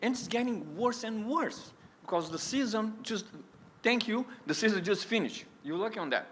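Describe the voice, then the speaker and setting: A man's voice: high voice, expressive, normal speed, a bit bright, slight background noise. A man in his sixties speaking up from the audience at a public meeting, emotional and pleading. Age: 60s. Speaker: audience member asking a question. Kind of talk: impassioned public comment. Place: meeting hall.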